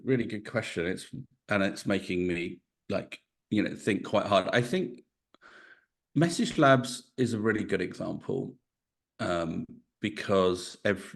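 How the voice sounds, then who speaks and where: A man's voice: low-pitched, creaky. A middle-aged man answering interview questions in a reflective, storytelling way, thinking aloud as he goes. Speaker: podcast guest, venture investor.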